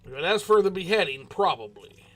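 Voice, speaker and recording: A man's voice: sits high, lively intonation, normal speed, a bit bright, soft background music. A man giving joking let's play commentary, chatting back at the game's characters. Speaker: gaming channel host.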